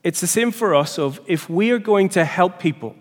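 Guy teaching a church seminar, kinda high voice, lots of echo from a big hall. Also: normal speed. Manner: lively, questioning the audience, many restarts. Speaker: seminar speaker. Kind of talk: teaching talk. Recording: long hall reverb.

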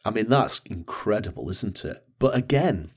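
A man's voice: on the low side, expressive, normal speed, slightly rough. A man co-hosting a podcast, talking conversationally with hesitant restarts. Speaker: podcast co-host. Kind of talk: casual podcast chat.

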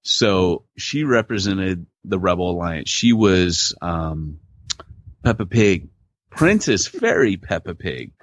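Male podcast co-host, casual storyteller, low and animated, muffled dry call audio. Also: takes it slowly, dry recording. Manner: animated storyteller, laid-back slang. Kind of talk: casual chat.

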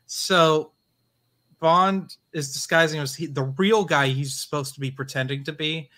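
A man co-hosting a casual film review chat, blunt and quick to call scenes dumb. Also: fairly high pitch, fairly even intonation, pushed and bright. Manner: blunt, dismissive quips. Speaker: podcast co-host.

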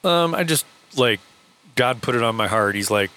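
A man's voice: mid-range voice, lively intonation, moderate pace, bright, forceful tone, smooth. A man co-hosting a podcast and retelling a story in casual talk, full of quoted dialogue. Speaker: podcast co-host, truck driver.

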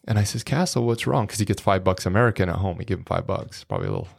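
A man's voice: low voice, big pitch swings, racing, vocal fry. A middle-aged man, a podcast guest, telling rambling, folksy anecdotes full of quoted dialogue in a casual way. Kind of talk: casual storytelling.

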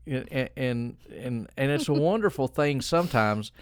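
A preacher co-hosting a casual chat, rambling with restarts and frequent laughter. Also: male voice, mid-range voice, expressive, measured pace, smooth, no room sound, clean studio sound. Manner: rambling, laughs often, self-correcting restarts. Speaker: preacher and podcast co-host.

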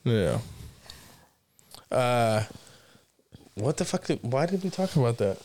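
A man's voice: medium pitch, sing-song, slow, darkish tone. A man co-hosting a podcast in casual chat, brash, profane and teasing. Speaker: podcast co-host.

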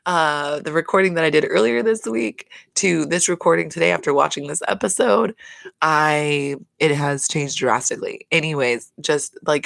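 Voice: mid-range voice, normal speed, vocal fry, a bit bright, dry recording. A podcast host giving a chatty, opinionated recap of a reality show, swearing freely and filling with "like". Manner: chatty, opinionated, swears a lot, many "like" fillers. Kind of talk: casual reality-TV recap monologue.

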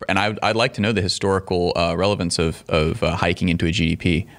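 A man co-hosting a casual livestream, reading viewer comments in a relaxed, slightly hesitant way. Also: deep voice, fast, gravelly. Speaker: co-host reading live chat. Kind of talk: casual live-stream chat.

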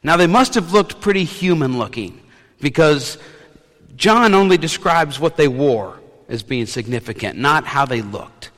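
A man's voice: on the high side, lively intonation, measured pace, a bit bright, in a large hall. A man preaching a sermon, retelling a scripture story with playful asides. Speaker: pastor.

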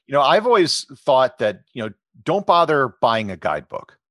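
A middle-aged man, a podcast host, answering interview questions in a relaxed, explanatory way with frequent fillers. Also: medium pitch, moderate pace, no room sound, studio quality. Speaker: podcast host and travel photographer.

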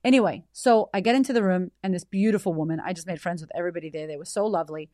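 A woman in her thirties hosting a podcast, telling a personal story in a blunt, animated way with frequent swearing. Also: on the low side, very fast, dry recording, clean studio sound. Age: 30s. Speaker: podcast host. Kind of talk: candid personal storytelling monologue.

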